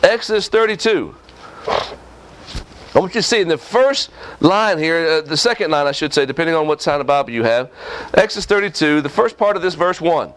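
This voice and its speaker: A man's voice: a little high, fairly quick, a bit bright, dry recording. A male preacher, preaching a sermon in a folksy, scolding way and often asking the congregation questions.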